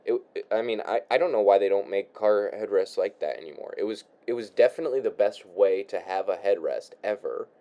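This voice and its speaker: A man's voice: deep voice, warm tone. A young man talking casually in his room while building a paper model, rambling with many restarts, sighs and casual swearing. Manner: halting, repeats words, sighs, swears casually. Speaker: vlogger.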